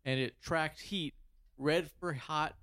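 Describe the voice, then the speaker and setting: A man's voice: a little high, fairly even intonation, slow pace, a bit bright, clean tone, dry recording, studio quality. A man co-hosting a podcast in casual chat who laughs often and swears. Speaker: podcast co-host.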